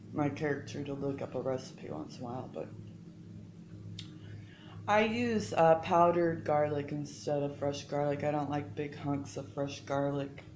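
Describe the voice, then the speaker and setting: A woman's voice: low-pitched, a little mellow. A woman chatting her way through a casual home cooking demonstration, rambling and interrupting herself as she goes. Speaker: home cook showing recipes. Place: home kitchen. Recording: echoey room with background noise.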